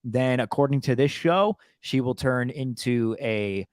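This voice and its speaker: A man co-hosting a podcast in casual chat, often halting and repeating words as he thinks. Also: medium pitch, dry recording, studio quality. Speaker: podcast co-host.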